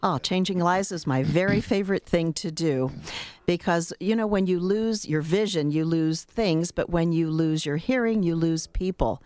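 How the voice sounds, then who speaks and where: A woman's voice: fairly low pitch, normal speed, a little mellow, no room sound. A woman guest on a radio show, a hearing specialist talking in a friendly way in the studio.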